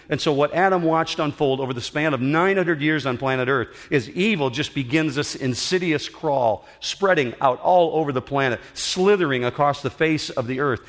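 A middle-aged man, a pastor, preaching a sermon in an auditorium, earnest and emphatic with dramatic pauses. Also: mid-range voice, fairly bright tone.

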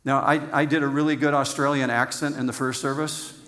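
A middle-aged male pastor delivering a sermon in a mid-pitched, easygoing voice. He talks to the congregation like he's chatting with friends, with gentle teasing. He leans on repeated words and slows down on the phrases that matter. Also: little pitch movement. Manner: conversational and playful, teasing the congregation.

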